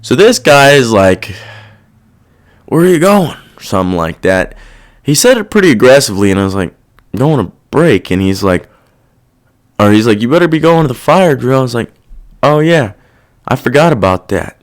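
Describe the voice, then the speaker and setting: Male solo podcaster, irritated profane rant, rambling, lively pitch swings, mid-range voice. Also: normal speed. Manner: rambling, loses his train of thought. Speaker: podcast host. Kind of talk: casual monologue.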